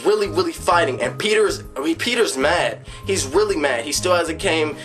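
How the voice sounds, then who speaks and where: A man in casual fan commentary, rambling excitedly and acting out snatches of dialogue as he pitches movie ideas. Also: moderate pace, faint music behind. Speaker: fan vlogger.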